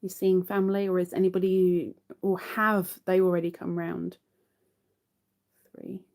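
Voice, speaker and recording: A woman's voice: lowish voice, little pitch movement, a little slow, gravelly, darkish tone. A woman hosting a live crochet stream, chatting casually to viewers while she counts her stitches.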